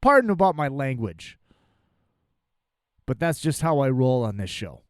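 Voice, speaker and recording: A podcast host ranting angrily and profanely about a restaurant, full of exasperation. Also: male voice, mid-range voice, very animated, a little slow, dry recording, studio quality.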